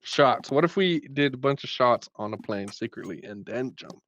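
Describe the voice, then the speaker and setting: A man's voice: medium pitch, animated, normal speed, lo-fi sound, noisy background. A man co-hosting a casual podcast chat, playful and jokey, laughing often. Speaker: podcast co-host.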